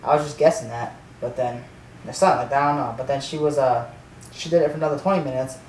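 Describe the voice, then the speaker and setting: A man's voice: medium pitch, steady tone, fast. A man telling a storytime rant for his vlog, rambling and swearing, full of filler words and restarts. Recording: echoey room, distant mic, faint noise.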